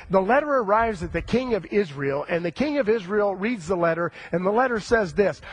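A male preacher telling a story in a sermon, animated and acting out the characters' voices. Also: high voice, fairly quick, few pauses, breathy edge, no room sound.

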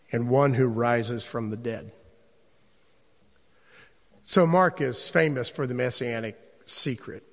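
Conversational male Bible teacher, echoing room. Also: a little high. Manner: conversational, asks rhetorical questions. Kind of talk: classroom Bible lecture. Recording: long reverb in a large room.

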